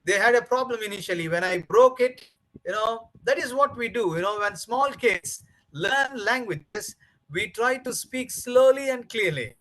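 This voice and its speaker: High-voiced man lecturing teachers. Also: expressive, moderate pace, bright, forceful tone, low-quality recording. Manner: repetitive, emphatic, many fillers. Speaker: teacher trainer. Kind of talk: training lecture.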